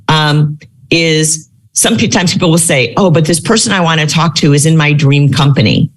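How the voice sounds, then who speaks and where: A woman in her fifties speaks in a fairly low voice that rises and falls a great deal. She coaches a live audience on careers, telling stories and rephrasing as she goes. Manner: storytelling, animated with many fillers. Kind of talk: live Q&A talk.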